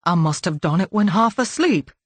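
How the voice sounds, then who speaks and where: A woman's voice: fairly low pitch, lively intonation, moderate pace, no room sound. A woman voicing a prim, nervous male lawyer who gabbles in an audiobook. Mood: flustered.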